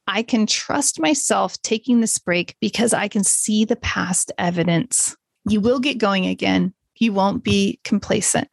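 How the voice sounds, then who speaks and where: A woman's voice: mid-range voice, gravelly, no room sound. Chatty encouraging woman podcast host. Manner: chatty, encouraging, laughs at herself. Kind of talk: casual solo podcast talk.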